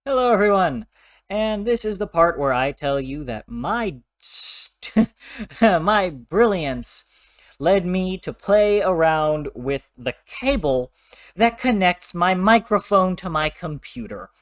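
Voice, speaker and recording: A man hosting a casual book vlog, talking in a playful, animated, rambling way, often correcting himself and clearing his throat. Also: sits high, takes it slowly. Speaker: book reviewer, channel host.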